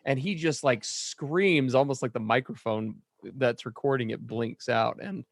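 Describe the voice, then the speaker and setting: A man's voice: mid-range voice, moderate pace, few pauses, fairly bright tone, dry recording, clean studio sound. A man co-hosting a podcast who works with men in recovery. He speaks in an earnest, reflective way and pokes fun at himself. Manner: earnest, reflective, self-deprecating. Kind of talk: casual conversation.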